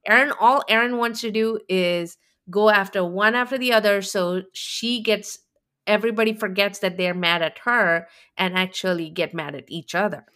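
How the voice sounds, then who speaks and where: A woman's voice: medium pitch, fairly even intonation, normal speed, a bit bright. A woman co-hosting a podcast in casual chat, reflective and explaining her points at length. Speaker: podcast co-host.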